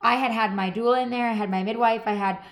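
Fast-talking chatty woman podcast host. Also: fairly high pitch. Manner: chatty and animated, acts out quoted people. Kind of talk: casual chat.

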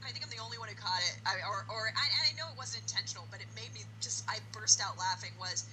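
A woman co-hosting a casual podcast chat about horror films, animated and quick to laugh, acting out movie lines. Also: medium pitch, a crowd in the background, low-quality recording. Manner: animated, acts out movie lines in exaggerated voices, laughs often. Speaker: podcast co-host.

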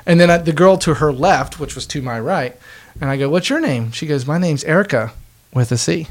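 A man's voice: a little high, animated, fairly quick. Joking young man telling a story. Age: 20s. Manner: joking storyteller, laughs often. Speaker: podcast co-host. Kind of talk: casual chat.

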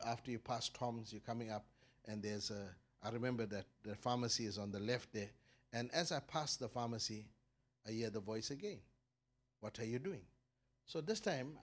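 A middle-aged pastor preaching in a mid-pitched voice that surges loud and rises on his main points, then falls back to a low murmur. He repeats words as he builds each thought, in an emphatic sermon style. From South Africa.

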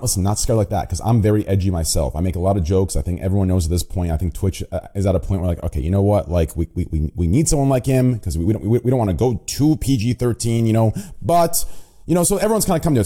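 A man hosting a podcast, excitable and loud, swearing often in casual chat. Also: fairly low pitch, fast. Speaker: podcast host.

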